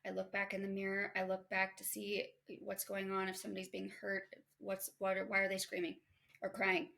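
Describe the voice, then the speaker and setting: A woman's voice: medium pitch, completely flat delivery, brisk, creaky, pushed and bright. A woman hosting a podcast, talking in a candid, conversational and self-reflective way about parenting in a casual self-help monologue. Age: adult mother. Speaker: podcast host.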